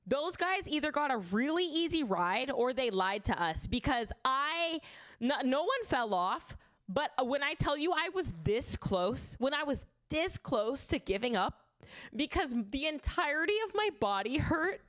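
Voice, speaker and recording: A young woman telling a funny story in casual chat, animated, full of "like" fillers and swearing. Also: sits high, unhurried. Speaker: streamer.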